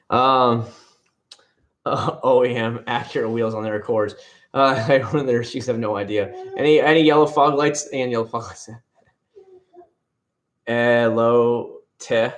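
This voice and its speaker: A man's voice: mid-range voice, expressive, moderate pace. A man hosting a casual livestream from home, rambling and answering viewers' comments by name. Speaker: livestream host. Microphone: headset.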